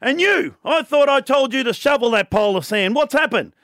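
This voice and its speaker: A bossy construction foreman, as a man puts him on during a joke, barking out orders in a high, dry voice. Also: expressive, brisk, a bit bright, no room sound, exaggerated voice.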